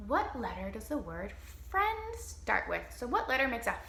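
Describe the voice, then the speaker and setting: New orleans lady librarian doing storytime, bright bouncy voice, echoey room. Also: on the high side, creaky, slight background noise. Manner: slow, animated and encouraging. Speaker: children's librarian. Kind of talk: children's storytime reading. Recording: roomy echo.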